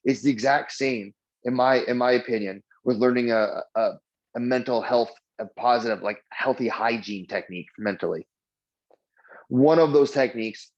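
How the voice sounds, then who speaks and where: A man teaches a relaxed mindfulness lesson in a chatty, storytelling way, using lots of fillers. He acts out the people in his stories with lively voices. The sound is slightly dull and muffled. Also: medium pitch. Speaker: mindfulness trainer. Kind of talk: casual spoken lesson.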